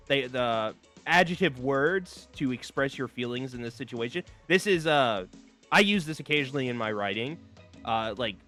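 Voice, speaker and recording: A man streaming a dating game, reading it aloud with animated, laughing, rambling asides. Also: mid-range voice. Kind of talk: casual gameplay commentary.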